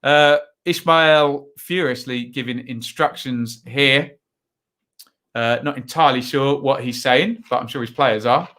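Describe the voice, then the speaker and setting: A man's voice: medium pitch, measured pace, bright, forceful tone. A man hosting a live football watchalong, giving chatty, rambling commentary full of asides and tag questions. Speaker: watchalong host.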